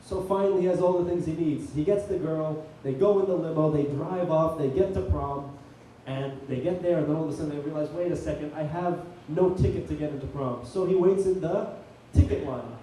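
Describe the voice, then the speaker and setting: A man hosting a comedy night, telling a long deadpan shaggy-dog joke on stage. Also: fairly high pitch, a little fast, a little hiss or hum. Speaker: comedy show host. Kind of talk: stand-up comedy set. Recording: echoey room from far off.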